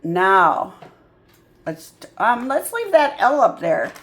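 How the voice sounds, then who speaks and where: A woman tutoring a child in phonics, sounding out words slowly and patiently. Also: a little high, very animated, fairly bright tone. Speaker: reading tutor. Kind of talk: phonics lesson.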